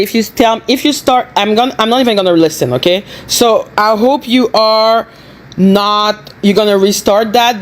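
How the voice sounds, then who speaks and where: A woman's voice: medium pitch, slight background noise. A woman hosting a live stream, angrily scolding her chat moderators with lots of swearing. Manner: angry, profane, scolding. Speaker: livestream host.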